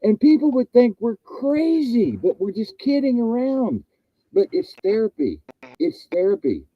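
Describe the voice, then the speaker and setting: A man's voice: very high-pitched, very animated, unhurried, dry recording, lo-fi sound. A man hosting a casual chat, rambling and joking and repeating himself. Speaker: host.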